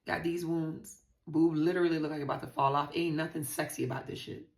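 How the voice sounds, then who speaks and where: A woman's voice: sits low, steady tone, a little fast, a little mellow, roomy sound. A woman from the Virgin Islands speaking frankly and profanely to her viewers while telling a personal story. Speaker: vlogger. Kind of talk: candid personal storytelling to camera.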